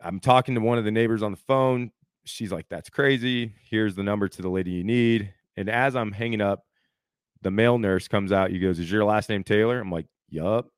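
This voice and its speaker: A man's voice: lowish voice, a little fast, clean tone, dry recording, studio quality. A man in his thirties, a podcast co-host, telling a story in casual chat and acting out the quotes, saying "dude" a lot.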